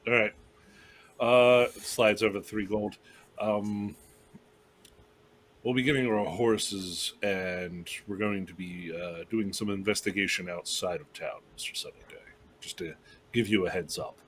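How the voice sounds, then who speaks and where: A man's voice: fairly low pitch, steady tone, measured pace, a bit bright, slight background noise. A man playing his character in a tabletop game, chatty and casual with a mildly sarcastic edge. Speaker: player. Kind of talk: in-character tabletop role-play.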